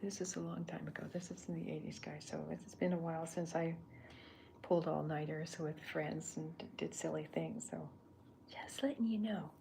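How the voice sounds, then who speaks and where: Soft-spoken older woman, gravelly whisper. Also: deep voice, steady tone, slight background noise. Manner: halting, thinks aloud while drawing. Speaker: artist. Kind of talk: whispered role-play.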